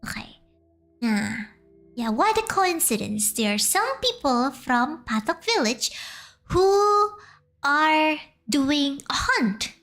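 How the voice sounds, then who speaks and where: A young Indonesian-accented woman retells a folk tale in English, pausing and restarting as she translates in her head. Her voice sits high, and she takes her time over each phrase. Quiet music runs faintly underneath. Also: big pitch swings. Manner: hesitant, translating as she goes. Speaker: streamer. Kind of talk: storytelling a folk tale on stream.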